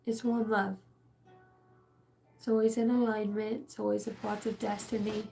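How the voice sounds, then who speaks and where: A woman's voice: mid-range voice, little pitch movement, moderate pace, vocal fry, warm tone, soft background music. A woman giving a casual channeled spiritual reading, rambling and emotional, swearing freely.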